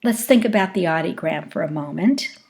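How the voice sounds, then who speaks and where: A woman giving a recorded lecture on speech acoustics, explaining deliberately and acting out short example phrases. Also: fairly low pitch, expressive, gravelly, darkish tone.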